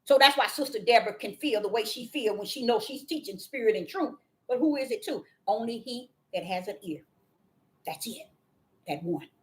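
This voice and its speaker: Fiery high-voiced woman preaching, scolding. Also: expressive, normal speed. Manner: scolding, swings from low mutters to shouted outbursts. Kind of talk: fiery street sermon.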